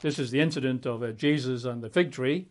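A man's voice: medium pitch, brisk, darkish tone. A man preaching a Bible-teaching sermon in a conversational way, leaning hard on key words. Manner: conversational, emphatic on key words, plays out quotes.

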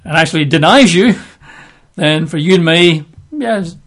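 A man's voice: on the high side, animated, measured pace, a bit bright. A man teaching from the Bible in a chatty sermon style, with wry asides. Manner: chatty, wry asides between scripture readings. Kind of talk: conversational sermon.

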